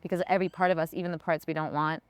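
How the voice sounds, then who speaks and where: Low-voiced woman, earnest interview guest. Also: level tone, rapid-fire, smooth. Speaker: podcast guest, hypnotherapist. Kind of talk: casual interview conversation. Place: town in Costa Rica.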